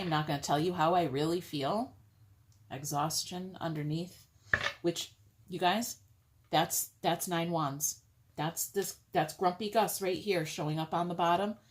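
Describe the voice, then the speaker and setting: A woman giving a casual tarot reading to her viewers, chatty and blunt, with some swearing. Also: deep voice. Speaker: tarot reader.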